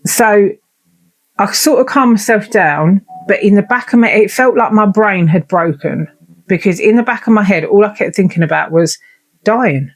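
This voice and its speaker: A woman's voice: medium pitch, moderate pace. A woman telling a personal story in a vlog, candid and unfiltered, swearing and acting out remembered conversations. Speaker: vlogger.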